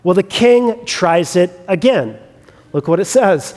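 Male preacher who acts out scripture stories, with a high voice and long hall reverb. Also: a little slow. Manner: animated storytelling, acting out the characters. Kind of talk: sermon retelling a scripture story.

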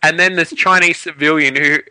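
Man, podcast co-host, sarcastic rant, very bright voice, dry close sound. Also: on the high side, steady tone, clear, resonant tone, no echo, low-quality recording. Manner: ranting, sarcastic, quick asides. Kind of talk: casual film review chat.

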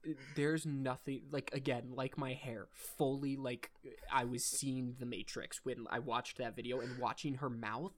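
A man's voice: medium pitch, steady tone, unhurried, few pauses. A young adult man hosting a podcast in casual chat, rambling and enthusiastic, swearing casually. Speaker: podcast host.

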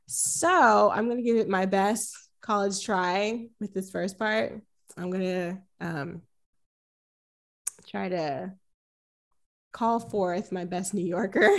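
Brief: woman co-hosting a movie podcast, loose and chatty, keeps correcting herself. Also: medium pitch. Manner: rambling, self-correcting, laughs often. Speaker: podcast host. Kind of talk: casual film-review chat.

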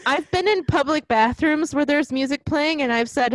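A chatty young woman shares film memories in casual conversation, laughing at her own jokes. Her voice sits a little high. The sound is dry and close, without room echo. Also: animated, normal speed. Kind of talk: casual chat about a film.

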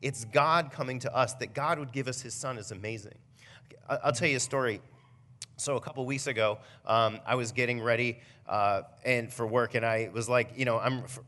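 A young man, a pastor, giving a conversational Christmas Eve message with animated storytelling. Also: mid-range voice. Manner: animated storytelling, builds to near shouting.

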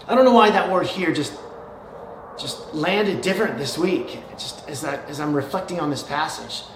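A man in his thirties preaches with animated emphasis and a slightly raised voice. He repeats key phrases and keeps checking in with a quick "okay?" His voice echoes around the room over a faint background ambience. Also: fairly high pitch, slight background noise. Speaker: pastor. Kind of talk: sermon.

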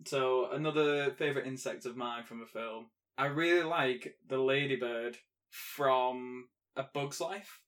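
A man's voice: medium pitch, measured pace, a bit bright. A man co-hosting a podcast, chatting casually and playfully, laughing often. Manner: giggly, playful. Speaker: podcast co-host. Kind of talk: casual chat.

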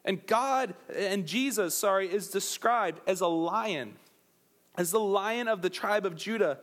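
A man preaching a sermon, animated and chatty, dropping jokey asides to his listeners as he explains scripture. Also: sits high, measured pace. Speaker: pastor.

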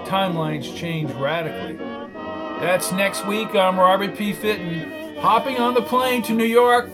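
A man, the author, narrating his own audiobook in a plain, steady storytelling manner. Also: high voice, unhurried, music in the background.

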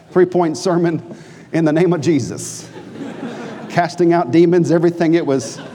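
Male pastor, fairly high voice, long hall reverb, animated storytelling sermon. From New Hampshire. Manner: animated storytelling preacher, shifts from jokey to low and earnest.

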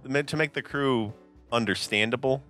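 A man's voice: medium pitch, normal speed, fairly bright tone, faint music behind. A man talking casually as the game master of a tabletop game, laughing often and rambling.

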